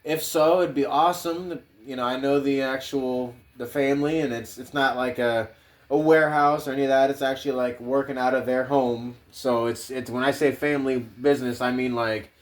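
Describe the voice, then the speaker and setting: A man's voice: medium pitch, fairly even intonation, normal speed. A man hosting a podcast, rambling casually with heavy swearing. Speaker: podcast host.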